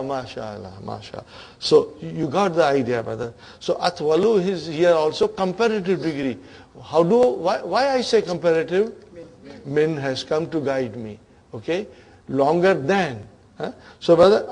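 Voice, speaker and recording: A man teaching an Arabic grammar class, quizzing his students with repeated questions and murmuring quiet words of praise. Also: on the high side, gravelly.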